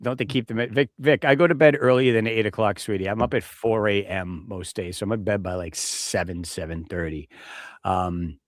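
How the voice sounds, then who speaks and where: A man's voice: lowish voice, moderate pace, no echo, studio quality. A middle-aged man hosting a podcast, talking casually and rambling, swearing and joking at his own expense. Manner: rambling, profane, self-deprecating. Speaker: podcast host. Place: home studio with a close mic.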